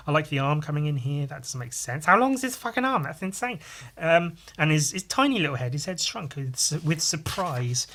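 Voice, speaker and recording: A comic artist talks through his pages in a loose, rambling way, full of enthusiasm and casual swearing. His voice is bright and forward, at an average pitch for a man. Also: breathy edge. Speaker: comic artist and podcast host. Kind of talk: casual chat about his own artwork.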